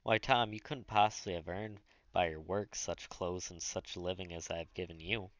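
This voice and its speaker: A man's voice: sits low, steady tone, moderate pace, fairly bright tone, no echo. A man voicing a wealthy, melancholy master who talks dryly and wryly, in an audiobook. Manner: dry and wry. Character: wealthy, moody male master, wry and melancholy. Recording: dull lo-fi dry recording.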